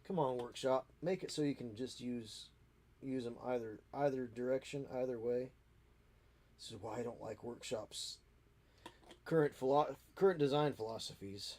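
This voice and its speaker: A man's voice: medium pitch, normal speed, mellow. A man with a stuffy, sniffly nose chatting casually and wryly while building models at home, grumbling about the kit. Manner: wry, self-mocking, grumbles at the kit. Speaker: miniature model hobbyist. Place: home hobby space.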